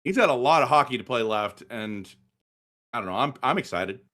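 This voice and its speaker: A man's voice: mid-range voice, lively intonation, brisk, sharp tone. A middle-aged man, ranting passionately about hockey in a casual sports chat. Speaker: hockey show host.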